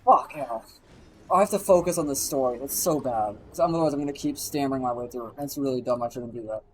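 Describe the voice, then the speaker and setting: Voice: medium pitch, fast talker, darkish tone, a little hiss or hum, rough recording. A streamer telling a story in a casual live stream, swearing freely, rambling and acting out the people being quoted.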